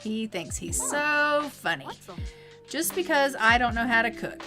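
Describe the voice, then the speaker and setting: A woman voicing a sweet but slightly sulky wife in a life-sim game, in a higher, playful sing-song voice. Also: sing-song, unhurried, over music. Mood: grumbling.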